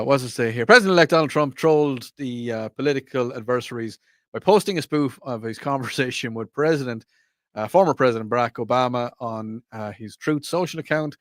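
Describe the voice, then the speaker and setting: An Irish man talks on the radio in a loose, rambling way and laughs at his own jokes. His voice sits at an ordinary middle pitch. The studio sound is close and dry. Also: a little fast, fairly bright tone, no echo. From Ireland. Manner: rambling, jokey, self-mocking. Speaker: radio talk show host. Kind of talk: casual radio chat. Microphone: studio microphone.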